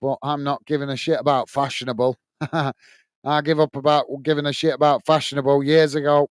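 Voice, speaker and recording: A man's voice: on the high side, level tone, brisk, smooth, no room sound. A middle-aged man with a Northern English accent, hosting a football watch-along, calling the match and reading out viewer messages in a blunt, chatty way. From north of England. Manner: chatty, blunt, laughs easily, says mate a lot.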